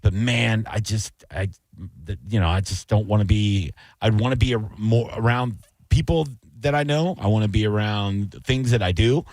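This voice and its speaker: A middle-aged man co-hosting a radio show, chatting in a relaxed, rambling, self-mocking way. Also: fairly low pitch, moderate pace, no room sound. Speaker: radio co-host. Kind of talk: casual radio chat.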